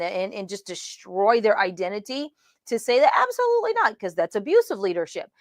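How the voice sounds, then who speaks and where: A woman gives a leadership lesson in an emphatic, animated teaching manner, often slipping into quoted voices to make her point. Her voice sits a little on the high side. The sound is dry and close. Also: dry recording. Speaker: leadership mentor teaching a class. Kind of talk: teaching talk from slides.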